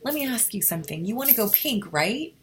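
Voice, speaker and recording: A woman's voice: a little high, sing-song, fairly quick. A woman giving casual motivational advice to her team, acting out both sides of the conversations she describes. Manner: chatty, role-plays both sides of conversations.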